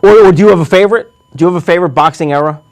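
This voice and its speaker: A man hosting a talk show, asking questions and encouraging his guest with quick remarks. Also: sits high, a little mellow. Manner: encouraging, quick affirmations and laughs. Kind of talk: interviewing a guest.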